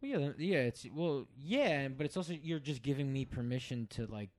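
A man's voice: mid-range voice, brisk. A man co-hosting a podcast in casual chat, telling profane stories and acting out what other people said. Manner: profane animated storytelling, acting out quotes. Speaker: podcast co-host.

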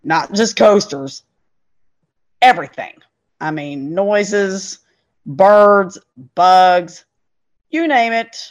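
A woman's voice: mid-range voice, lively intonation, very slow, long pauses. A middle-aged woman, a podcast guest and parent, telling a story in an earnest, emphatic way. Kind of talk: casual storytelling. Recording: dull lo-fi sound.

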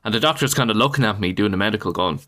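A man's voice: fairly low pitch, lively intonation, very fast, pushed and bright. An Irish man in casual chat, telling anecdotes and laughing a lot.

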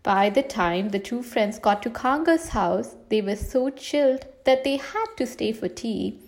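A woman reading a children's storybook aloud, telling it gently and lifting into brighter voices for the characters. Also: on the high side, animated, measured pace. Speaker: storybook reader.

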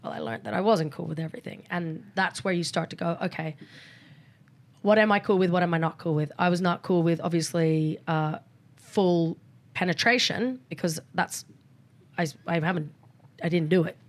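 A woman's voice: lowish voice, normal speed. Frank woman in an interview. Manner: candid and frank, acts out quoted exchanges. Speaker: podcast guest. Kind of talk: casual interview chat.

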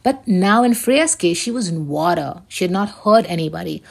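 Female host, casual solo commentary, rambling and blunt, lowish gravelly voice. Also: lively intonation, moderate pace. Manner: rambling, emphatic, swears often. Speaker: show host.

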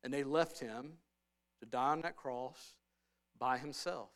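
A man preaching a sermon in a church, talking in a conversational way that swings between hushed and loud, emphatic stretches. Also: mid-range voice, measured pace. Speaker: pastor. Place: church sanctuary.

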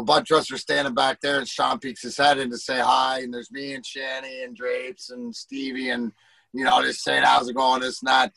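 A man's voice: mid-range voice, vocal fry, sharp tone, dry recording, low-quality recording. A middle-aged man, a former hockey player, telling rambling, profane locker-room stories and acting out the quotes. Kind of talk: casual storytelling.

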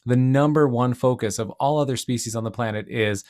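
A man hosting a relaxed podcast conversation, reflective and storytelling, often leaning on "like" and "you know". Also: mid-range voice, fairly quick. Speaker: podcast host. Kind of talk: casual conversational interview.

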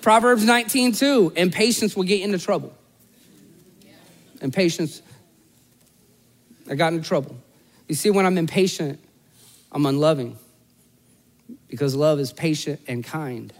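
A pastor delivers a sermon in a relaxed, chatty way, poking fun at himself as he tells a story. His voice sits high for a man. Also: normal speed, long pauses. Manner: conversational storytelling with self-deprecating humor.

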